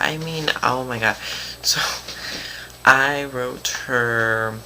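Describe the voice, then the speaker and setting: Teen guy, vlog rant; bright, gravelly voice, faint hiss behind, acts out the quotes. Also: medium pitch, unhurried. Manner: animated, dramatic retelling with mocking quotes. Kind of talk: casual vlog storytelling.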